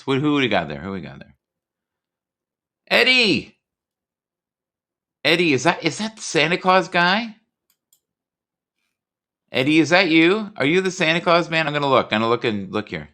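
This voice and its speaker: A man hosting a casual livestream chat, talking in a rambling, jokey, animated way. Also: mid-range voice, moderate pace. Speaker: livestream host. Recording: home computer mic.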